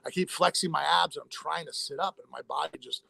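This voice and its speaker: A man telling a long personal story in a casual interview, in a rapid, rambling way with many fillers and restarts. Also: fairly high pitch, vocal fry, sharp tone, husky. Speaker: interview guest, former fighter.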